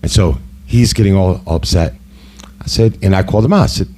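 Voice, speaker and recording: Low, mellow-voiced middle-aged man telling a story. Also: brisk, husky. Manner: heated, conversational, full of "you know" asides. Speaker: host. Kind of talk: casual storytelling monologue.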